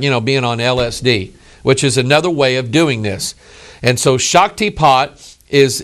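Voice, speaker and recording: Earnest male preacher, slightly high voice. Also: a bit bright. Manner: emphatic, earnest, direct address to listeners. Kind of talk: sermon with scripture reading.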